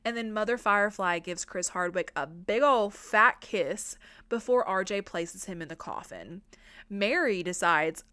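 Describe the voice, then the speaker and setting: A woman's voice: medium pitch, lively intonation, a little slow, a bit bright, dry recording. A woman podcast host giving a casual, profane film recap, peppered with filler words. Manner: chatty, profane, lots of "like" fillers.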